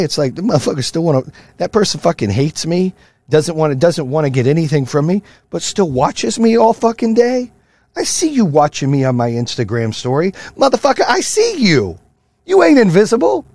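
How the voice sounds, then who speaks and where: Profane, fired-up male podcast host. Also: no room sound. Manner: profane, fired-up motivational ranting; swings from loud rants to low, quieter storytelling. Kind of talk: casual monologue.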